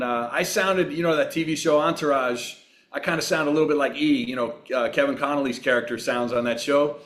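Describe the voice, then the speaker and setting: A man in his sixties from Long Island, a guest on a podcast, telling relaxed, rambling anecdotes with plenty of fillers. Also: medium pitch. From Long Island, New York. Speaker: guest actor. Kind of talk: relaxed storytelling in a podcast interview.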